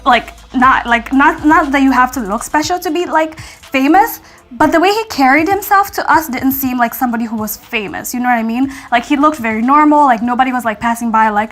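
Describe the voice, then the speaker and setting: A young American woman telling a story in a casual vlog, chatty and acting out what people said. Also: high voice. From United States. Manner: chatty, acts out quotes in lively voices, frequent fillers. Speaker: vlogger.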